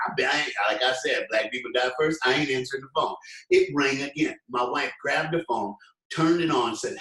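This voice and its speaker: A man giving a motivational speech, telling a story with lively acted-out quotes and talking straight to the listeners. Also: medium pitch, fast talker, roomy sound, distant mic, poor audio. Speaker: motivational speaker.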